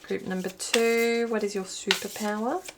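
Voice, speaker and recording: A woman's voice: mid-range voice, fairly even intonation, normal speed, noisy background. A woman giving a pick-a-card reading to viewers, chatty and thinking aloud as she pulls cards while filming herself. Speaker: intuitive card reader. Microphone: filming herself while watching a small screen.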